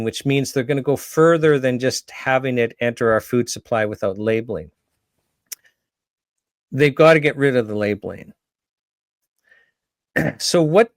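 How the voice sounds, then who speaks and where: A man's voice: fairly high pitch, no room sound. A man giving impassioned, indignant and sarcastic commentary as an advocacy speaker. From Canada.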